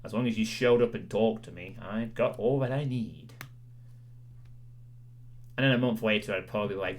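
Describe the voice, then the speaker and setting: A fairly low-pitched male streamer talks casually to his audience at normal speed, leaving long pauses. His chatter meanders, is self-deprecating, and is full of "you know"s.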